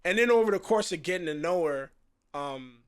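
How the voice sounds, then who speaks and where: South florida guy in his 30s, slightly high voice, animated storyteller, lots of slang. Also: fairly quick, clean tone. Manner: animated, slangy, acts out quotes. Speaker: guest actor. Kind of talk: casual storytelling chat.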